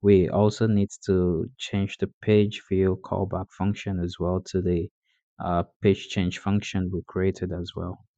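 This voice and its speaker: A man's voice: sits low, little pitch movement, a little slow, dark tone, no echo, muffled recording. A man narrating a coding tutorial over a screen recording, explaining steps plainly with frequent "uh" fillers.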